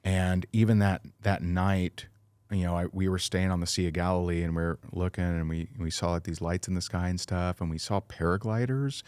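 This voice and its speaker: A deep, low-voiced middle-aged man recounting a personal story on a podcast. He talks earnestly and with feeling, full of "you know" and restarts. The sound is close and dry, with no room echo. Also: steady tone, normal speed, darkish tone, clear, resonant tone. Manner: earnest, emotional storytelling with many fillers and restarts. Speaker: podcast guest.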